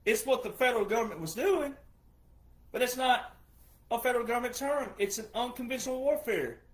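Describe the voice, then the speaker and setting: A man's voice: very high voice, brisk. A man who is a retired veteran, giving an emphatic monologue full of repetition and rhetorical questions. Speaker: retired military veteran commentator.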